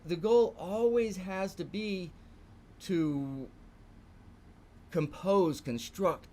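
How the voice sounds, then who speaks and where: Slow, lively Texan art teacher. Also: male voice, high-pitched, slight background noise. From Texas. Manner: emphatic, lingers on words, repeats phrases for stress. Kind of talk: live online morning art lesson.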